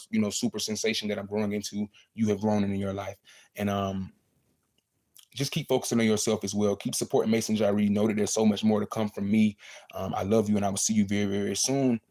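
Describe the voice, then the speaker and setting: A man's voice: on the low side, darkish tone. A young man talking casually and earnestly to fans on a livestream, repeating himself for emphasis. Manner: earnest, repetitive, motivational.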